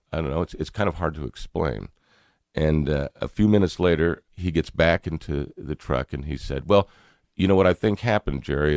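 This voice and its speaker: A middle-aged man from North Carolina with a Southern accent, an earnest radio host telling a personal story with halting repeats and frequent chuckles. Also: a bass voice, darkish tone, dry recording, studio quality.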